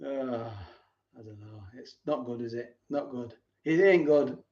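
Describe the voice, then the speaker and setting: A man hosting a casual live stream, reading viewer comments and thanking them by name, sometimes dropping into low asides. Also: a little slow, mellow, muffled recording. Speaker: host of a food channel live stream.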